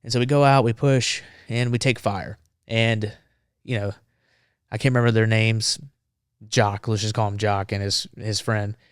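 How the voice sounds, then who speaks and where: Smooth-voiced man telling a war story. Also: fairly low pitch, normal speed, dry recording, clean studio sound. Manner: animated, acts out the dialogue. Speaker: former Marine, podcast guest. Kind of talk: casual storytelling.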